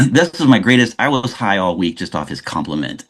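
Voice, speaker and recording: Animated storytelling man from Los Angeles. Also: fairly low pitch, moderate pace. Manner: animated storyteller, frequent restarts. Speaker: guest actor. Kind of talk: casual interview chat.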